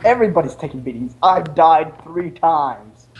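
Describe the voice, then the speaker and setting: A man playing in a tabletop game, quick to protest in an exasperated way. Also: on the high side, animated, darkish tone, highs cut off. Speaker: player. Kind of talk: casual tabletop game chat.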